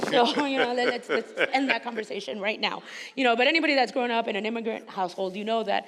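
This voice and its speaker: A woman's voice: fairly high pitch, quick pace, slight background noise. Lady w slight spanish-ish accent, punchy and emphatic, echoey conference hall. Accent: Spanish-influenced English. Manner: energetic, emphatic, laughs often. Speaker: panelist. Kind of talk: panel discussion. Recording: reverberant hall.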